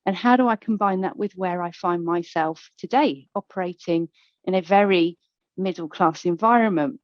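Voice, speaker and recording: A woman's voice: fairly low pitch, moderate pace, no echo. A woman from England speaking at a conference panel, telling a candid personal story with a playful touch. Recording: dull, dry lo-fi recording.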